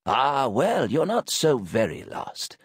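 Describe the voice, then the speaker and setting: Croaky old guy in his late sixties, deafish, fussy and polite, pitched up high, a male narrator doing him. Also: wildly swooping pitch, takes it slowly, no echo, studio quality, full character voice. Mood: genial. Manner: fussy, polite, rambling about old motorbikes. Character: lean frail man in late sixties, hard of hearing. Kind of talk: audiobook narration.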